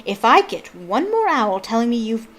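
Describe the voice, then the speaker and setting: A woman's voice: fairly high pitch, big pitch swings, normal speed, fairly bright tone. A woman voicing a fussing, motherly woman who scolds her sons. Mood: scolding.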